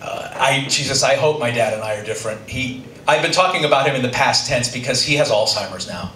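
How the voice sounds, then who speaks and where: A man's voice: mid-range voice, brisk, pushed and bright. Dry-humored middle-aged male storyteller. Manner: dry, self-deprecating humor. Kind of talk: live personal storytelling. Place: live stage before an audience. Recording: roomy, distant stage recording with audience noise.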